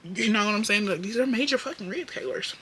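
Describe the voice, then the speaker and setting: A young woman vlogging from home, chatting openly and profanely with her viewers while she works on her makeup. Her voice is bright and forceful, dropping to a mutter now and then before it springs back up loud. A faint hiss sits under the recording. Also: medium pitch, lively intonation, fast. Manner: candid, profane, talks straight to viewers; drops into muttered whispers then bursts loud. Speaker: beauty vlogger. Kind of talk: casual chat while doing makeup.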